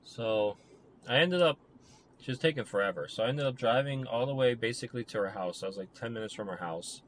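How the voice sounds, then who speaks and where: A man's voice: medium pitch, brisk. Young guy rambling about his own story, lots of likes and ums, kinda self-critical, car noise in the back. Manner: rambling, filler-heavy retelling, self-critical. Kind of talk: casual personal storytelling.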